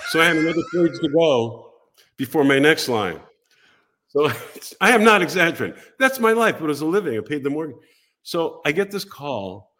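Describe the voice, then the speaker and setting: An older American man, a podcast guest telling a story in a casual, animated way and acting out the voices of people he quotes. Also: a little high.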